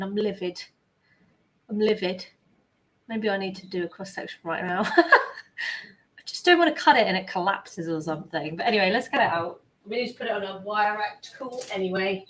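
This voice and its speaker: Here the baking livestreamer speaks in a mid-range voice, chatting to viewers from her home kitchen. She's a young woman, excitable and sweary, often wandering off-mic, and the room is echoey with faint ambience.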